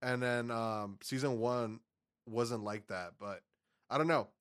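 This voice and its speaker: A man co-hosting a podcast in casual chat, excitable and swearing heavily. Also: mid-range voice, slow pace. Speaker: podcast co-host.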